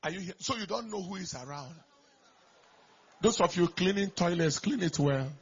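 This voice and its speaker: A pastor preaches in a raspy, strained voice that sits high and gravelly. His storytelling is emphatic, swelling in force at key moments. The recording is dull and lo-fi. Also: moderate pace. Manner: emphatic storytelling, surges in volume. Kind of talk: sermon.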